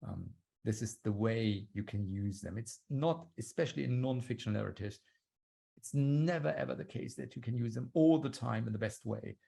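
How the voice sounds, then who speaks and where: A man's voice: mid-range voice, normal speed, gravelly, warm tone. A man giving a talk on storytelling over a video call, explaining step by step and acting out quoted lines. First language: German. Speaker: guest speaker on storytelling.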